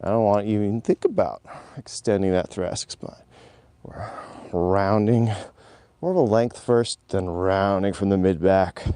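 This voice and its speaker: A middle-aged man with a low voice talks a class through stretches and bear-crawl moves, calm cues between breaths. His voice is close and dry on a clip-on mic, with no room sound. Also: normal speed, no room sound. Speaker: movement instructor. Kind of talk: live-streamed exercise class. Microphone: clip-on mic worn while exercising.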